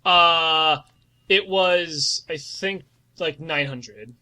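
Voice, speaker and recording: A man in his twenties shares a humorous personal story on a podcast, his voice slightly high and his words stretched out. He's animated and swears, sometimes slipping into mock-dramatic singing.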